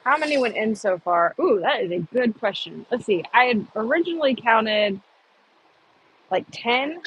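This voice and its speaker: A woman's voice: fairly high pitch, animated, moderate pace, slight background noise, low-quality recording. A woman chatting casually on an outdoor livestream, rambling and answering viewer comments. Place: outdoors on a humid morning.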